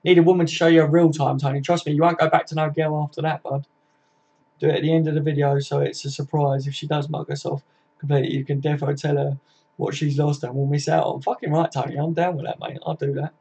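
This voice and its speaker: A man's voice: fairly high pitch, level tone, quick pace, gravelly, a little mellow, breathy edge. A man, hosting a casual live stream and reading out viewer comments in a chatty, matey way, swearing freely. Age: 40s. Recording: dull lo-fi stream audio.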